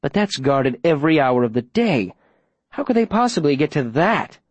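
A man's voice: fairly high pitch, big pitch swings, moderate pace, breathy edge, dry recording, pitched above the performer's own voice. A man voicing a weary, sardonic middle-aged ex-mayor with a wry, mocking edge, in an audiobook reading. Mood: alarmed. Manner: wry and mocking, a bit raised. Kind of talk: audiobook character voice.

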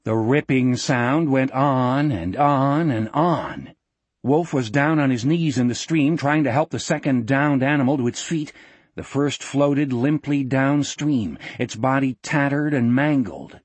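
A man reading an audiobook in a steady, dramatic storytelling manner. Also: mid-range voice, measured pace, breathy edge, dry recording. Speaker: audiobook narrator. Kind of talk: scripted narration.

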